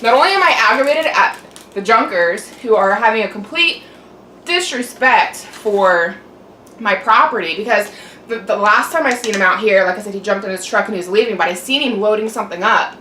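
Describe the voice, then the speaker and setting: A woman's voice: medium pitch, a little fast, sharp tone. A young adult woman in a casual venting chat as a mukbang vlogger, chatty and aggravated, swearing and saying "like" a lot. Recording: roomy echo, mic at a distance, faint hum.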